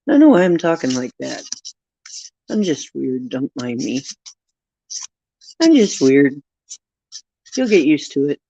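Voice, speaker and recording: A woman's voice: sits low, big pitch swings, gravelly, mellow, dry recording. A woman hosting a live stream, reading oracle cards aloud in a playful, self-mocking way. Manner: playful, laughs at herself, reads card texts slowly. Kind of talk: casual live stream chat. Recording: dull lo-fi recording.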